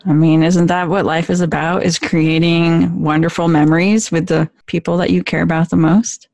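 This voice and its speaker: Calm woman hosting talk radio. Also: lowish voice, normal speed, gravelly, dry recording. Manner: calm, affirming interviewer. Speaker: radio talk show host. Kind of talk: radio talk show interview.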